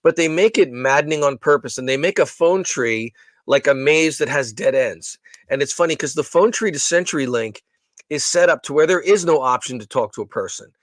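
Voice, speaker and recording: A man's voice: fairly high pitch, a little fast, dry recording. A man co-hosting a podcast in casual chat. He tells stories animatedly, acting out the voices he quotes, with frequent restarts. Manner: animated storyteller who acts out quoted voices, many restarts. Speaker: podcast co-host.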